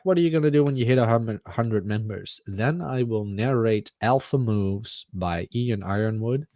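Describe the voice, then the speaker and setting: Male streamer, rambling and jokey, mid-pitched, dry close sound. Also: darkish tone, no echo. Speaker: streamer, channel host. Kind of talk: casual livestream chat.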